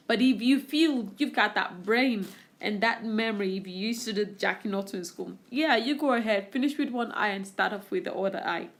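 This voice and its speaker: A woman narrating her makeup tutorial over the footage, walking viewers through each step with enthusiasm. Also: on the high side. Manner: instructive, enthusiastic. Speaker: beauty vlogger.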